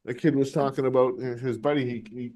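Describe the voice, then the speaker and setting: A man hosting a live stream, chatting casually and telling animated stories, swearing constantly. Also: medium pitch, brisk. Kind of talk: casual chat, storytelling.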